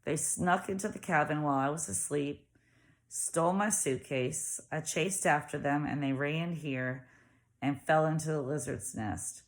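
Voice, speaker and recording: A woman's voice: low-pitched, unhurried. A woman voicing a cold, cunning female warden who justifies herself defensively. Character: tough, cunning female prison-camp warden.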